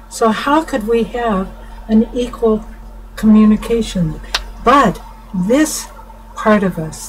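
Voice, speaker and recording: A middle-aged woman counselor explaining to viewers in an informal talk, unhurried, restarting her sentences often. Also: medium pitch, a little mellow, rough recording. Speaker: family counselor. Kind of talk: informal teaching talk to camera. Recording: faint background noise.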